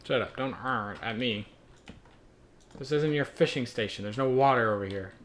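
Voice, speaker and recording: A man's voice: mid-range voice, normal speed, slight background noise. Joking young man narrating gameplay. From Ireland. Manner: joking, self-deprecating. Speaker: gaming video host. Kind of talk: gameplay commentary.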